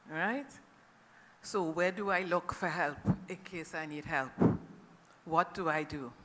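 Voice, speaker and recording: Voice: medium pitch, unhurried, sharp tone, slight background noise. A middle-aged caregiver from Trinidad and Tobago, with a Trinidadian accent, gives an earnest, emotional personal testimony to a conference audience and often checks in with them. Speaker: family caregiver speaking at a conference. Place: conference hall. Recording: long reverb of a conference hall.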